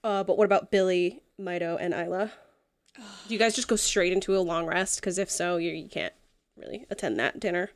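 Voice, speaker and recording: A woman running a tabletop role-playing game as game master, narrating scenes in a relaxed, easygoing way. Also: on the low side, a little fast.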